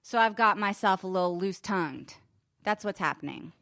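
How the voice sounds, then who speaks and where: A woman's voice: medium pitch, lively intonation, a little fast, a bit bright, dry recording, clean studio sound. A middle-aged woman co-hosting a podcast, chatting casually and playfully, laughing often and riffing on accents. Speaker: podcast co-host. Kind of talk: casual chat.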